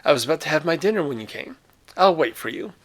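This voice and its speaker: A man reading a short story aloud, voicing a courtly, menacing aristocratic old general with a polished, deliberate manner and a slightly raised voice. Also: on the high side, lively intonation, voice pushed up. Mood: smooth. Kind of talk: read-aloud character voice.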